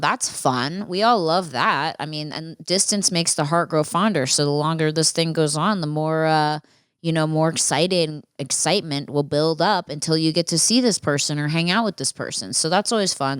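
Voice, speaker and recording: A woman's voice: sits low, normal speed, fairly bright tone, clean tone, no echo, clean studio sound. A woman hosting a casual storytelling podcast, chatty and profane, talking to listeners with friendly asides. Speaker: podcast host.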